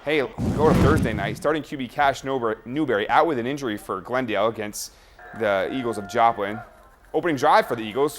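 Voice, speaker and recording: A man anchoring a sports show, reading high school football highlights with energetic play-by-play and joking asides. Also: fairly quick, background noise.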